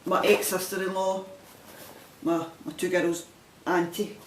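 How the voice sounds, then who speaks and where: A Scottish woman walks through her crafting projects on a video podcast in chatty, meandering show-and-tell, poking fun at herself along the way. Her tone is steady and unhurried, and the recording carries a roomy echo and faint rumble.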